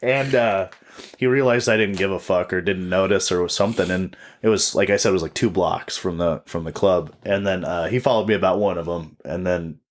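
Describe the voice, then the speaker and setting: A man's voice: low-pitched, fairly quick. A man in his twenties, a comedian and podcast co-host, telling a story in casual chat, swearing freely and acting out quotes. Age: 20s.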